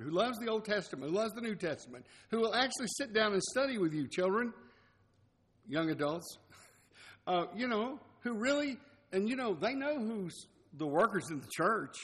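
Folksy sixty-something preacher in a reverberant hall. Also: male voice, high-pitched, a little hiss or hum. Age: 60s. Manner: folksy, chuckling asides. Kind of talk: conversational sermon. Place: church assembly hall.

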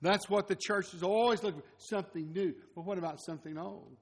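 A middle-aged man preaching a sermon, reading scripture aloud and then commenting in a conversational way, with quiet asides. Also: high-pitched, fairly quick, big-room sound, slight background noise.

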